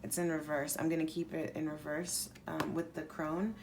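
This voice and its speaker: A woman's voice: low-pitched, flat delivery, normal speed, gravelly, slight background noise. A woman giving a casual pick-a-pile tarot reading, rambling loosely and leaning on "like" as she talks through the cards. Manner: casual, rambling, heavy use of "like". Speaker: tarot reader.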